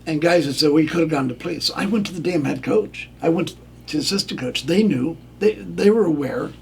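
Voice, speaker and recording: A man's voice: on the high side, a little fast, gravelly, slight background noise. An older man, a former referee, telling a candid story on a radio show in a plainspoken way and acting out what others said. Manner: plainspoken, acts out quoted lines.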